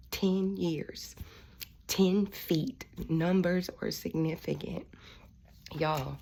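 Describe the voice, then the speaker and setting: Gravelly low-voiced woman preacher. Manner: fervent, rambling, drops to a hush. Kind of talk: emotional spiritual testimony.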